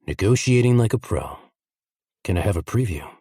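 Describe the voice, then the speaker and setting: A man voicing a cocky, crude, smooth-talking crime boss with a low seductive drawl, in audiobook dialogue. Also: animated, normal speed, warm tone, no echo, clean studio sound. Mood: teasing. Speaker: audiobook voice actor.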